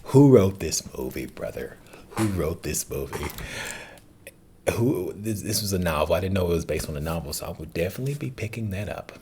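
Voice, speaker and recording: Deep-voiced man gushing over a movie. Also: expressive, a little fast, darkish tone, slight background noise. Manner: earnest, rambling, says dude and man. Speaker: movie reaction host. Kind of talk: casual movie review.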